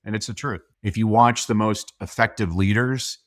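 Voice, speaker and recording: With a steady, slightly bright voice on the low side, a man who speaks and coaches professionally guests on a podcast, eagerly telling stories and complimenting his host. The studio recording is clean, without echo.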